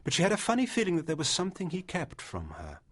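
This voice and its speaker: A man narrating a literary short story as an audiobook, in a measured storytelling manner. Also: a little high, wildly swooping pitch, a bit bright, husky.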